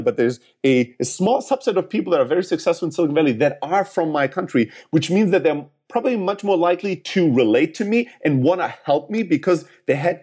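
A man's voice: on the high side, darkish tone. Man giving earnest startup sales advice. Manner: earnest, explanatory, long winding answers. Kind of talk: podcast interview advice.

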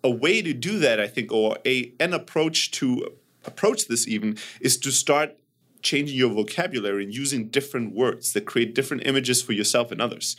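Give me a man in an easygoing podcast chat whose voice sits mid-pitch. He talks with animated energy and turns emphatic, with the odd swear. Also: normal speed. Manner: animated, swears when emphatic, acts out quoted people. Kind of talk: casual conversation.

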